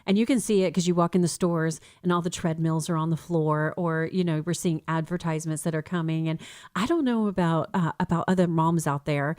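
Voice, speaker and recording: A middle-aged American woman hosts a faith-based radio talk, her voice sitting a little low and sounding close and dry in a studio. She talks in a casual, animated way and sometimes slips into sing-song mimicry. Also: brisk, no echo. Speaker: radio show host.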